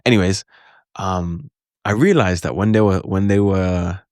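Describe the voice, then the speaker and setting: A man's voice: low-pitched, a little slow, a little mellow, smooth, dry recording, studio quality. A man giving a casual spoken lesson on language learning, loose and chatty, full of asides and acted-out reactions. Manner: acts out his own reactions in quotes.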